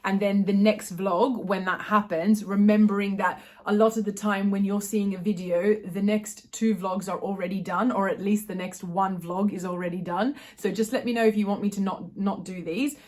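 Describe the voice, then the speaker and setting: A woman's voice: mid-range voice, fairly even intonation, moderate pace, few pauses. A woman with Irish family ties, chatting to her phone's front camera at home and reading a daily devotional aloud, often stopping to correct herself. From Ireland. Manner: chatty, self-correcting, reads aloud gently. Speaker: vlogger. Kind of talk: casual vlog with devotional reading.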